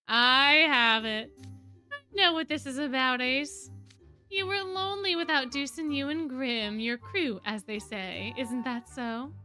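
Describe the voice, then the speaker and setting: A woman's voice: high-pitched, measured pace, bright, forceful tone, faint music behind. A woman reading game dialogue as a mischievous, ancient male fae who teases with old-fashioned phrasing and giggles. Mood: teasing.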